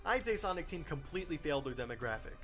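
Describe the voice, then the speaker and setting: A man's voice: fairly high pitch, expressive, quick pace. A man narrating a scripted game review with exasperated, sarcastic complaints. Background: game music.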